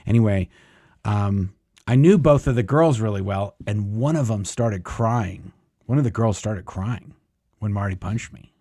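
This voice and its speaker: Man, low voice, casual rambling storyteller, lots of fillers, dry close sound. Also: measured pace, dark tone, dry recording. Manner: rambling, many fillers, acts out quoted lines. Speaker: guest storyteller.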